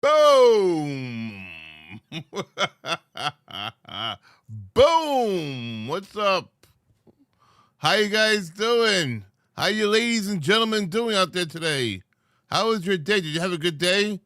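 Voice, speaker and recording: A sleepy man hosts a livestream, teasing viewers in loose, casual chatter. His voice is fairly high and bright with a sharp edge. It sounds close and dry. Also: very animated, slow, long pauses, no room sound. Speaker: livestream host.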